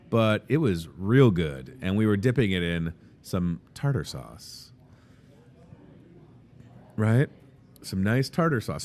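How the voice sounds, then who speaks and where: A man hosting a casual live show from inside a grocery store, joking and rambling in an upbeat way. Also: fairly low pitch. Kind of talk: casual live promo chat.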